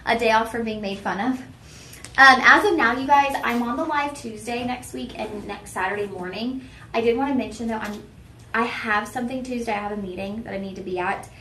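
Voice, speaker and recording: A young woman hosts a live shopping show in a chatty, self-teasing way, talking straight to her viewers. Her voice sits a little high. The studio sounds roomy, with a faint hiss underneath. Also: brisk, pushed and bright. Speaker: shopping channel host.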